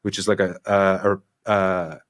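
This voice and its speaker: A man's voice: low voice, flat delivery, a little slow. Profane rambling man. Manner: profane, rambling storyteller who acts out voices. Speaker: podcast guest, musician. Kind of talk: casual podcast conversation.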